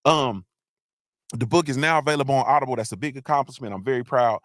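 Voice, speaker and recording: A middle-aged man hosting a motivational live talk, animated and preachy, asking his listeners again and again if they feel him. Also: medium pitch, fast talker, no room sound, studio quality. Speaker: host.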